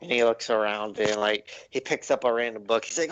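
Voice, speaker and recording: A man narrating a tabletop game as game master, halting and full of ums and likes. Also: on the low side, a bit bright, low-quality recording.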